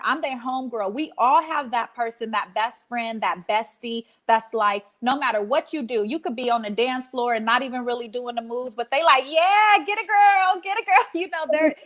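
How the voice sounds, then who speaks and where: A woman in her thirties speaks in a fairly high voice as a guest on a podcast. She talks with a preacher's emphasis and repeats phrases as she drives each point home. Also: fairly bright tone. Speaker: podcast guest, life coach. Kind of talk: casual heartfelt interview talk.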